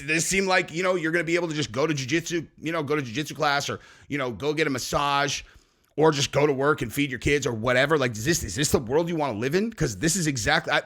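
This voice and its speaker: A male podcast host delivers a heated political rant. His voice sits a little high, and he scolds and curses freely as he lectures his listeners. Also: fairly bright tone.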